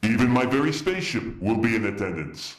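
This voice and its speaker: A man's voice: mid-range voice, lively intonation, fairly quick, close to an everyday voice. A man playing a pompous alien invader. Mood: solemn. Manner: stiff, solemn announcement delivery. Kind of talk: comic homemade commercial. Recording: roomy, echoey recording.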